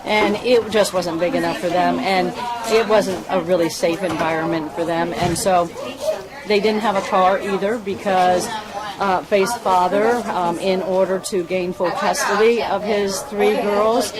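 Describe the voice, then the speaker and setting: A woman volunteer giving a heartfelt, halting speech at a public event. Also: medium pitch, low-quality recording. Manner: earnest, halting, emotional. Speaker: volunteer fundraiser. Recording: crowd noise behind.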